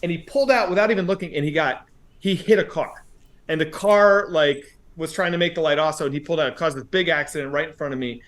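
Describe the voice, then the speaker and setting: A man casually telling a story on a comedy podcast, swearing often and acting out shouted quotes. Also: on the high side, quick pace.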